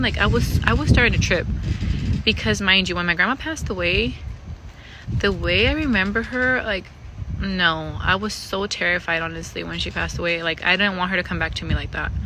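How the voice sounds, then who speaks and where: A woman's voice: mid-range voice, background noise. A young woman telling a frightening personal ghost story, casually and with lots of swearing. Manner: swearing, rambling, frightened retelling. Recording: music bed underneath.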